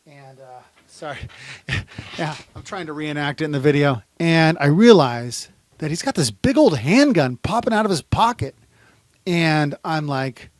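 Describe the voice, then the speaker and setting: A man, a private investigator, telling a story in a lively, dramatic way and acting out the shouted lines in a high voice. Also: moderate pace, no room sound, studio quality. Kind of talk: animated storytelling, reenacting events. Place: indoors, standing.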